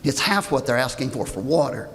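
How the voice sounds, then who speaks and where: An older man with a gravelly voice, reading a pointed, indignant prepared comment at a public hearing. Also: mid-range voice, animated, a little fast, a bit bright, slight background noise. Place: large hall. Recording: reverberant hall.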